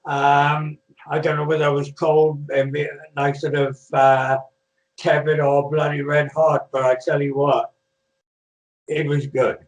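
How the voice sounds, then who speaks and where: A man's voice: fairly high pitch, level tone, a little slow, muffled recording. An older man from Britain, a retired wrestler, telling rambling stories in a casual interview over a video call, full of restarts and fillers. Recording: echoey room, far from mic.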